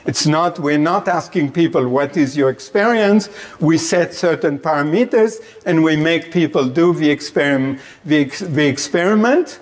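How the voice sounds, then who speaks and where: A man giving an academic lecture in a meditation center classroom, deliberate and explanatory, often checking in with the audience. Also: a little high. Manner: deliberate, checks in with "Okay?", light chuckles.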